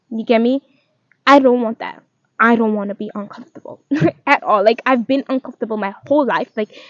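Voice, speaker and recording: A young woman of about twenty with a slightly high voice, talking openly and rambling in a confessional diary vlog. She leans on "like" as she works through her thoughts. The recording is dry and a little dull. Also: dry recording. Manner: candid and rambling, heavy use of "like". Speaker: vlogger.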